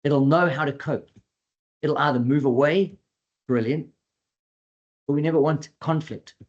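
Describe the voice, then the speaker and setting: A man speaking as a dog trainer in a webinar presentation, talking in a chatty, animated way and acting out what clients and dogs might say. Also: a little high, measured pace, lo-fi sound.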